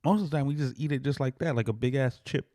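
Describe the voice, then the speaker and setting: A man's voice: mid-range voice, quick pace, dark tone, no room sound. A young adult man co-hosting a podcast, rambling in casual chat, filling his talk with "like" and swearing freely. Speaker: podcast co-host.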